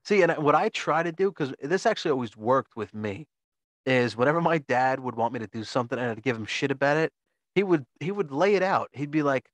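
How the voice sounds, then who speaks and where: Man, mid-pitched, dry close sound, podcast co-host, laid-back, swears casually. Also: animated, brisk, no echo. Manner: laid-back, profane, laughs often. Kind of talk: casual chat.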